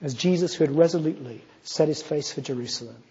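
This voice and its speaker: A man's voice: a little high, fast, dark tone, husky. A man from Scotland preaching a sermon, earnest and rising to emphatic scripture readings. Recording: muffled, long hall reverb.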